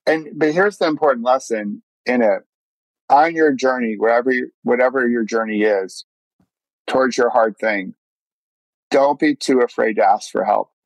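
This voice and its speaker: A man's voice: mid-range voice, normal speed, no echo, lo-fi sound. Earnest man telling a story, dry sound. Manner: earnest, quotes his own thoughts, restarts words. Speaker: podcast guest. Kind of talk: casual storytelling.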